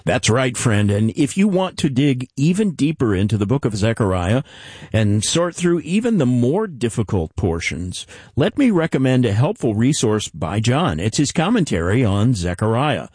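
A man hosting a Bible teaching radio program, announcing and reading offers in a smooth announcer delivery. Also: medium pitch, big pitch swings, normal speed, darkish tone, no room sound, studio quality. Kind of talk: radio broadcast announcing and interview.

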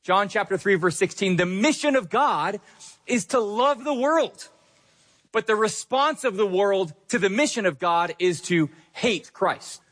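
A man's voice: high voice, animated, unhurried, a bit bright. A male pastor preaching a sermon verse by verse, conversational and emphatic, with casual asides.

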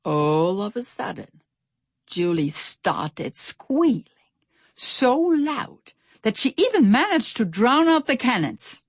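A woman reading a children's storybook aloud in an expressive, animated way. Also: a little high, slow, slightly rough, no room sound, clean studio sound. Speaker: narrator. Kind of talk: storybook narration.

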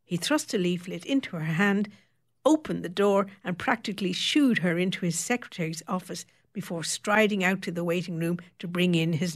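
A woman narrating a story in a steady, wry storytelling manner. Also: on the low side. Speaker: audiobook narrator. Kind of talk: scripted narration.

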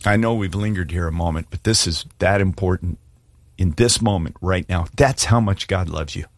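A man's voice: sits low, moderate pace, no echo. A middle-aged man preaching a sermon and making an earnest, pleading altar call. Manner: earnest, pleading, shifts from hushed prayer to emphatic. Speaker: pastor.

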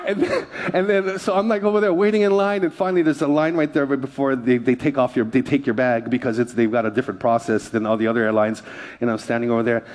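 A man's voice: medium pitch, fairly even intonation, fast, darkish tone. A man preaching a sermon to his church, conversational and joking with the congregation. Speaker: pastor.

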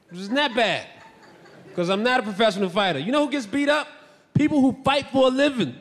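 High-voiced man doing stand-up storytelling. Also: creaky, long reverb tail. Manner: animated, swings into shouted bits. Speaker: stand-up comedian.

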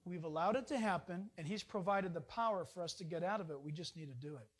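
A man's voice: sits high, quick pace. Emphatic male pastor preaching. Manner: emphatic, conversational preaching with sudden rises. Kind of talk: sermon.

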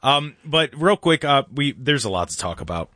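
A talk radio host chatting through his morning rundown, loose and quick to laugh. His voice sits a touch high for a man. The studio sound is dry and close. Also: big pitch swings, pushed and bright, no room sound.

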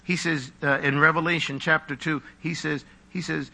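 Man, pastor, live sermon, high voice, very bright and forceful, animated, joking asides. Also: normal speed, vocal fry. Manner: animated preaching with mocking asides and humor.

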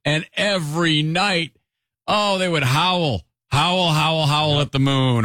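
A man's voice: fairly high pitch, takes it slowly, pushed and bright, dry recording, studio quality. A man co-hosting a radio show, rambling through wry stories and jokes. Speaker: radio co-host. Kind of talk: casual radio chat.

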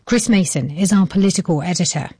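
A woman reading a news bulletin in a steady, formal newsreading manner. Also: lowish voice, fast, slightly rough, no echo.

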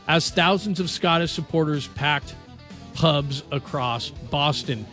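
A male sports radio host in a radio studio, talking in a chatty, animated and jokey way. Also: fairly high pitch, takes it slowly, soft background music. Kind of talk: casual sports talk.

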